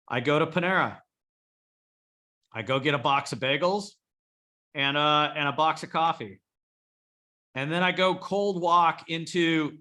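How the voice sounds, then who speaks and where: A man's voice: fairly high pitch, sharp tone. A man coaching a group of remodelers in a blunt, profane style, rallying his listeners. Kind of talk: coaching talk to a live group.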